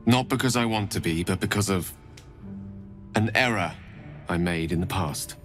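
A grave, deep-voiced undead warrior. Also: male voice, a bit bright, faint music behind. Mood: solemn. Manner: solemn, measured. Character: grave undead male warrior companion, brooding. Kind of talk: video game dialogue.

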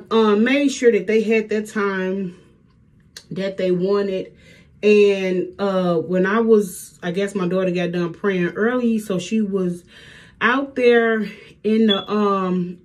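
A middle-aged woman talking casually to her viewers at home, chatty and warm with plenty of y'all. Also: mid-range voice. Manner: chatty, addresses viewers as y'all, Southern US speech. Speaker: hair vlogger. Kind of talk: casual vlog chat.

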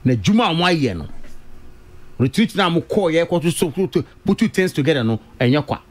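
Ghanaian male radio panelist, high lively voice, hammers his points home. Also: a little fast. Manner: emphatic, repeats key words, mixes English and Twi. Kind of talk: radio political discussion.

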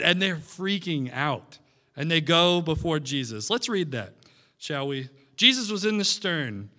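A man's voice: fairly high pitch, sharp tone. A young man preaching a sermon in a church, in a conversational style with frequent "right?" asides. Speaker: pastor. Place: church sanctuary. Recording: long church hall reverb.

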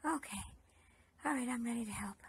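A woman voicing a drowsy friend in a children's puppet story who has just woken from a deep sleep. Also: brisk, vocal fry, slightly rough, full character voice.

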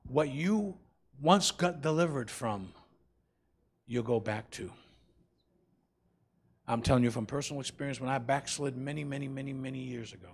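A man with a creaky, breathy-edged mid-range voice preaches as a pastor, swinging between loud and soft passages and calling out to his congregation.

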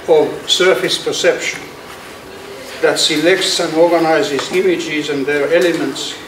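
Lecture hall recording, older male architect, distant mic, faint hiss, deliberate slow delivery. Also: fairly high pitch. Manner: slow, measured reading with occasional restarts. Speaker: architect giving a symposium lecture. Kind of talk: reading a prepared lecture aloud.

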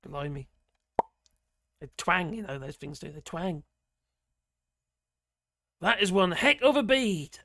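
A man's voice: high voice, very animated, slow pace, pauses often, bright, forceful tone. A middle-aged man with a giggly, self-mocking manner, chatting casually as host of a live stream. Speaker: livestream host.

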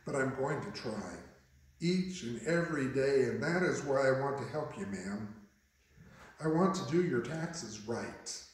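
A male pastor preaching a first-person dramatic monologue sermon, telling the story in character with an expressive, unhurried manner. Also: medium pitch. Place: church sanctuary. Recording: very echoey church hall, faint hiss.

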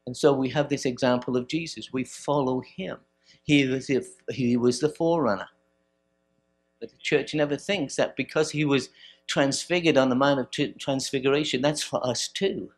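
Male preacher mid-sermon at an evening service, medium pitch, emphatic and dynamic. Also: moderate pace. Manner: emphatic preaching with rising bursts and quiet stretches. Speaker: pastor. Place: church service.

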